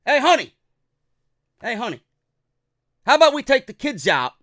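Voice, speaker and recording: A man's voice: very high voice, sing-song, normal speed, sharp tone, pitched above the performer's own voice, exaggerated voice. A man imitating a pushy, demanding family man who curses and insists. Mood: bossy.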